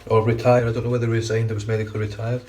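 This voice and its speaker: A man talks in a low, flat, fairly even voice as he shaves, drifting from one thought to the next. He sits a little away from the microphone, and a faint background hiss runs under his words. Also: racing. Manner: chatty, rambling, frequent restarts. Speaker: shaving vlogger. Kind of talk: casual running commentary while shaving. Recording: distant mic with faint background noise.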